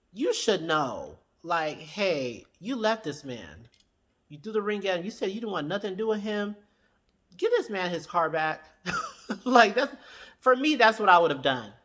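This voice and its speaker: A sassy commentator reviews a reality show in a casual, talky way. The voice sits at a middle pitch and keeps calling out the people on screen by name. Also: fairly bright tone. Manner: sassy, talks straight to the show's people.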